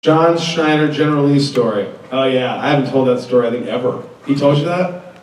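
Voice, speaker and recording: On a panel at a fan convention, an actor in his thirties fields questions with comedic anecdotes, joking and impersonating the people involved. His mid-range voice runs a little fast, with slight background noise, in an echoey hall recorded from a distance amid a loud crowd.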